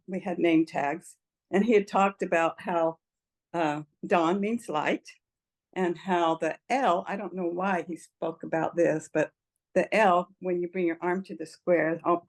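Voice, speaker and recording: A woman's voice: fairly low pitch, darkish tone. An older woman telling her personal story in an interview, earnest and emotional, laughing often as she speaks. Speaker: interview guest. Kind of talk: personal testimony in conversation.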